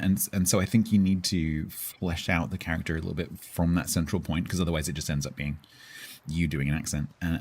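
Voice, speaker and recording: A man chats loosely with his stream audience, often restarting his sentences and chuckling. His voice sits very low and has a husky edge. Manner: rambling, self-interrupting, chuckles often. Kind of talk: casual chat with viewers.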